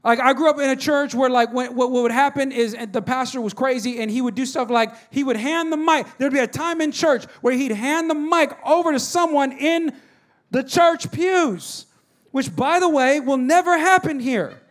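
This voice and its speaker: A pastor in his thirties gives a sermon in a noticeably high voice. He tells stories in a quiet, hushed tone and then rises into loud, exhorting calls to the congregation. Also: moderate pace. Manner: storytelling, swings from soft and hushed to loud and exhorting.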